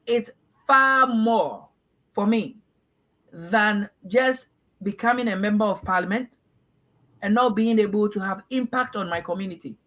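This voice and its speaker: A middle-aged Ghanaian man from Ghana, giving earnest, measured interview answers with frequent restarts. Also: high voice, sharp tone, rough recording. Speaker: party aspirant guest.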